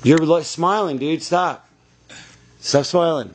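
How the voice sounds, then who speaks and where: A man directing actors on set, giving quick, encouraging instructions with frequent restarts. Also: on the high side, a little hiss or hum. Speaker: film director.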